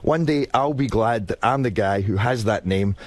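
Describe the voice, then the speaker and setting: Low-voiced Scottish actor, dry close sound. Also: male voice, moderate pace, no room sound. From Scotland. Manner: animated, repeats words while searching. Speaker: actor guest. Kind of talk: casual interview chat.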